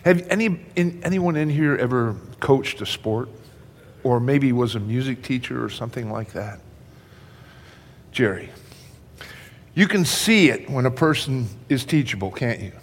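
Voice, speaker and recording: A man's voice: mid-range voice, expressive, unhurried, husky. Older male pastor preaching in a reverberant hall. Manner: conversational, addresses congregation directly. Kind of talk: sermon.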